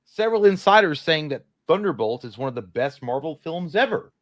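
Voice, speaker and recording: A man's voice: a little high, lively intonation, brisk, dry recording. A man co-hosting a casual livestream, reading viewer questions aloud and joking about them in a loose, profane way. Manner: jokey, profane, reads viewer messages aloud. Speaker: podcast co-host reading chat questions.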